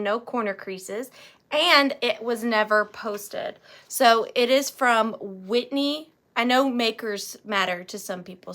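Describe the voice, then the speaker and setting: A woman's voice: fairly high pitch, a bit bright. A woman running a live vintage auction, chatting playfully and counting down bids. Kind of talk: casual live sale chat.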